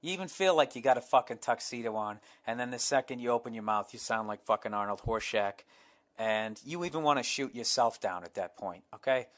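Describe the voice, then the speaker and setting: A man's voice: medium pitch, animated, brisk, fairly bright tone. A man with a Boston accent hosting a podcast, reading a listener's letter and answering it in a blunt, sarcastic, profane monologue. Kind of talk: casual comedic podcast monologue.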